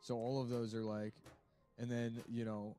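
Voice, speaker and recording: A man co-hosting a comedy podcast while playing a game, trading crude deadpan jokes and slipping into mocking voices. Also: mid-range voice, moderate pace, faint music behind.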